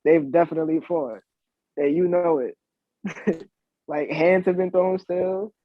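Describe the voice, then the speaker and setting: A man's voice: fairly high pitch, fairly even intonation, measured pace, no room sound, narrow, tinny audio. A man chatting casually in a laid-back way as a co-host. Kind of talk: casual chat.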